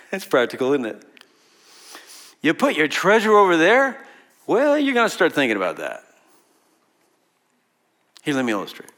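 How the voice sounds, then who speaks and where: A man's voice: fairly high pitch, huge pitch swings, normal speed, pauses often, a bit bright. A man preaching a sermon to a room of people in a conversational way, asking the audience questions and laughing often. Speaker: pastor.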